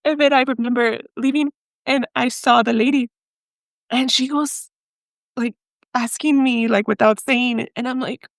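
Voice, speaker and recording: Husky-edged woman from Mexico telling a story. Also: on the high side, normal speed, no room sound. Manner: animated, laughs often, mixes in Spanish. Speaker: podcast guest. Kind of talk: storytelling in an interview.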